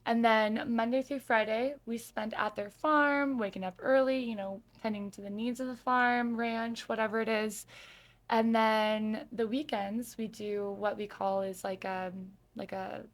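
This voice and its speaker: A woman from Arizona, a podcast guest, chatting casually and effusively with quick laughs and plenty of filler words. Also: a little high, steady tone. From Sedona, Arizona. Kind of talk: casual interview chat.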